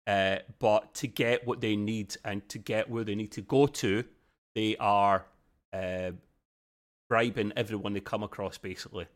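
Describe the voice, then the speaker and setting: A man's voice: lowish voice, steady tone, measured pace. A man with an Australian accent co-hosting a podcast, chatting casually and enthusiastically, with lots of restarts. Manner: rambling, enthusiastic, frequent restarts and fillers. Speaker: podcast co-host. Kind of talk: casual review chat.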